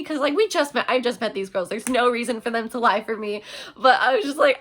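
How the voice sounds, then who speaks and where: A young woman vlogger chatting casually through a storytime, excitable and full of fillers. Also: a little high, fast.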